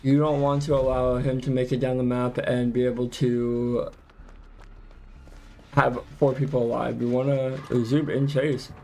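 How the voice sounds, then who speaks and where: A man casting a live video game match as play-by-play commentary, chatty and quick to exclaim, often correcting himself mid-sentence. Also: mid-range voice, flat delivery, darkish tone, slight background noise. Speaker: esports caster.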